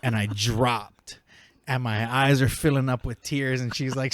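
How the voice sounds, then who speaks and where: A middle-aged man, a podcast guest, telling lively family stories in casual talk, laughing often and acting out the people he quotes. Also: medium pitch, unhurried, dry recording. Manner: animated, laughing often, quoting people in character. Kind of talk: casual storytelling. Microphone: studio podcast mic.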